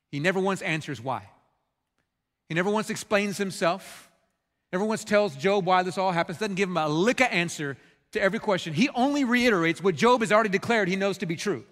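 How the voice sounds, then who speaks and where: A male pastor preaching a sermon, impassioned and swinging between loud outbursts and hushed, quiet passages. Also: high voice, big-room sound.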